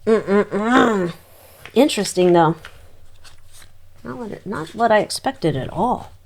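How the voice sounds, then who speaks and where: A woman's voice: medium pitch, animated, slow, creaky, slight background noise. A woman giving a casual psychic tarot reading, chatty and exclamatory, talking to her cards as she turns them. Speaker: tarot reader.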